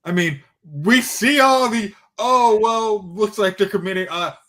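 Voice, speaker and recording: A man co-hosting a casual movie podcast, ranting in excited bursts. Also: high-pitched, unhurried. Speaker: podcast co-host.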